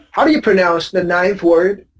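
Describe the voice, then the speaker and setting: A woman's voice: fairly low pitch, slight background noise, low-quality recording. A woman teaching English pronunciation in a class drill, patiently correcting students and repeating each word as a model.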